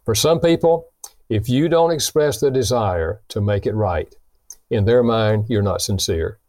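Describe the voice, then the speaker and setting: A man's voice: fairly low pitch, a little slow, no room sound. A man, a guest author, explaining his ideas on marriage and acting out the lines of people in his stories. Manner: animated storyteller who acts out quoted dialogue; explains with illustrations, earnest. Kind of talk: conversational teaching.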